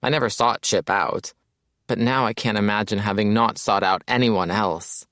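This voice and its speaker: Wry male audiobook narrator, low and dry. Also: moderate pace, a bit bright, no room sound. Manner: casual, wry storytelling. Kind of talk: first-person audiobook narration.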